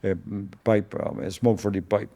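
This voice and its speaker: An older man whose first language is Spanish, recounting a past event in an interview as a slow, solemn storyteller who often stops and repeats words. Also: fairly low pitch, fairly even intonation, vocal fry, dark tone.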